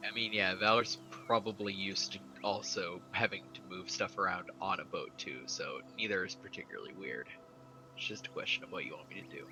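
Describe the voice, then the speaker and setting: A man's voice: low-pitched, fairly quick, over music, rough recording. A man playing a tabletop game, casually thinking aloud about his character's choices. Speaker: player.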